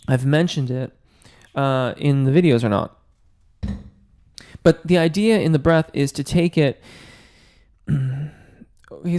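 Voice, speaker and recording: A man's voice: a little high, warm tone. A man hosting a live Q&A as a vocal coach, reading viewer comments aloud by name and explaining singing technique in a casual way, close to the mic. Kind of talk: live-stream Q&A, casual chat. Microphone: close studio mic.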